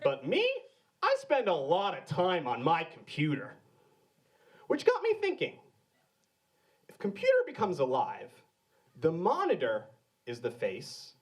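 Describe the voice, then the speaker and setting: A man doing deadpan absurdist stand-up on a live comedy stage, with slow, odd setups that build into a repeated call-and-response chant. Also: a little high.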